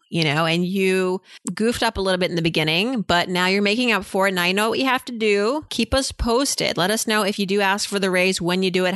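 A woman's voice: fairly low pitch, fairly bright tone, no echo, studio quality. A woman hosting a personal finance podcast, answering listener questions in a chatty, frank way with lots of "you know" fillers.

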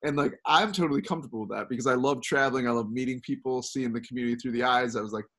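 A man's voice: medium pitch, racing, a bit bright. A man hosting a casual podcast chat, rambling and friendly with many fillers. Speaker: podcast host.

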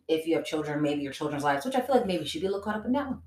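A woman's voice: deep voice, sing-song, racing, darkish tone. A woman co-hosting a casual live podcast, laughing often and swearing freely as she talks. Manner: laughs a lot, loose and profane. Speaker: podcast co-host. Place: room at home, pouring tea. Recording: echoey room.

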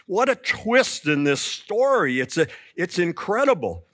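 Animated preacher man. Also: high voice, a little slow, dry recording, studio quality. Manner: animated storytelling, acting out quoted lines. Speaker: pastor. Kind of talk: sermon.

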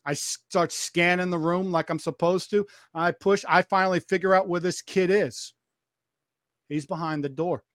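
Man, high-pitched, dry close sound, American, podcast storytelling, acts out quoted dialogue. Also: steady tone, normal speed, a bit bright, no echo. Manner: vivid retelling, acting out quoted dialogue; frequent restarts and repeated phrases.

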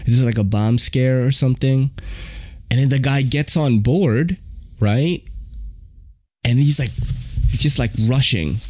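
A man, hosting and telling subway stories in a slangy, animated way, swearing freely. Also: no room sound. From New York. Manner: animated, slangy, swears, jumps into high-pitched impressions. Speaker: podcast host. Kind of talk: casual storytelling.

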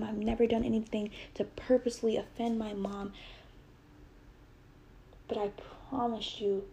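A woman's voice: on the high side, vocal fry, mellow, slight background noise. A young adult woman telling a personal story with earnest, heated retelling and quoted dialogue.

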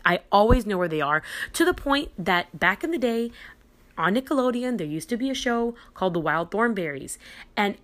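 A young adult woman hosting a podcast, telling a personal story in a casual, animated and excitable way, with restarts and dramatic pauses. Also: mid-range voice. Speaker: podcast host.

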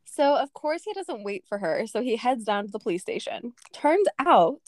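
A woman's voice: on the high side, normal speed, no echo, clean studio sound. Chatty young woman reviewing a book. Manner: animated, laughing, many "like" fillers. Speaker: podcast co-host. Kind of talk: casual book-review chat.

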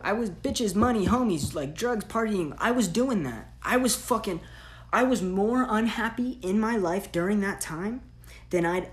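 A woman hosting a solo podcast, giving blunt, profane, slang-heavy tough-love talk. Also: mid-range voice. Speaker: podcast host.

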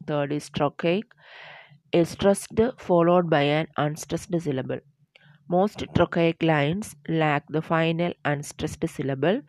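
A woman's voice: deep voice, a little mellow, no room sound. A woman teaching a lesson, reading steadily from notes with small slips and restarts. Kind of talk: lecture on poetic meter, reading from notes.

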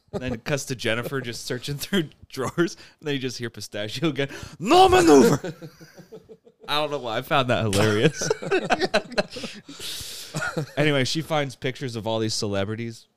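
A man's voice: mid-range voice, very animated, normal speed, crowd noise. A man hosting a podcast, casually recapping a comedy movie and laughing often as he tells it. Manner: laughs often while retelling. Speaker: podcast host.

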